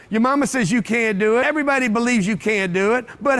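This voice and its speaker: A man's voice: very high voice, expressive, fairly quick, a bit bright. A man giving a brash, punchy motivational talk to a live audience in an event room, hammering home repeated phrases. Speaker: motivational speaker.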